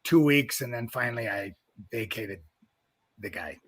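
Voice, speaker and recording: A man's voice: medium pitch, a little slow, no room sound. A man in his fifties from North Dakota, a wrestling coach being interviewed, telling a long story in a rambling way with many restarts.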